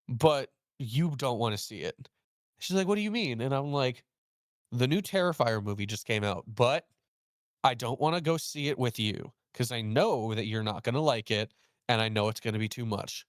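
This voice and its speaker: A young male host tells a story during a casual chat, animatedly voicing both sides of the dialogue with jumps in pitch. He talks at a moderate pace, and the studio-quality recording has no room sound.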